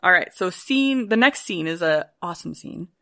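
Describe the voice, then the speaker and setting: A woman retelling a story in a casual, playful podcast chat, swearing freely and quickly voicing the characters' lines. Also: fairly low pitch, lively intonation, a bit bright, dry recording, clean studio sound. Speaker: podcast guest retelling a play.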